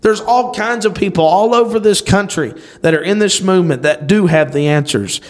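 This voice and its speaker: A man's voice: sits high, moderate pace. A man hosting a faith talk show, speaking in an emphatic, preacherly way.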